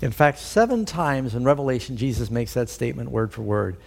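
A man's voice: medium pitch, brisk, creaky. Middle-aged man preaching in a storytelling way. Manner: conversational storytelling with fillers. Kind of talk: sermon.

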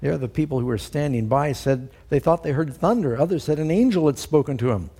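A middle-aged man giving a sermon, telling stories in a relaxed, conversational way with frequent fillers. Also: fairly high pitch, fairly quick, slightly rough. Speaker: preacher.

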